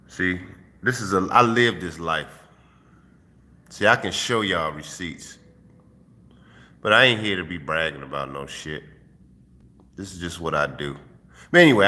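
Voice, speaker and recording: Man, casual vlog monologue, streetwise and profane, sharp bright voice, lingering reverb. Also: fairly low pitch. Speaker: host giving dating advice. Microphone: phone held while filming.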